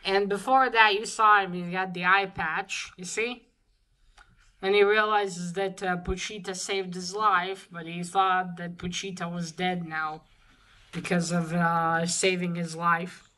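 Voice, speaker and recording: A woman's voice: on the low side, flat delivery, unhurried, pushed and bright, poor audio. A woman giving a casual spoken manga review, rambling through the plot with many fillers and restarts, then gushing over the art. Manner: gushing when pointing out cute art.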